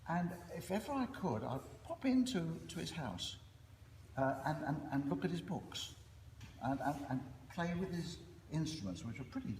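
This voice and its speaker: Older Cockney man, lively anecdotal speech. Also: a little high. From East End of London. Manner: anecdotal, self-deprecating, frequent "uh" pauses. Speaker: after-dinner speaker. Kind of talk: after-dinner speech. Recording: echoey hall with noise.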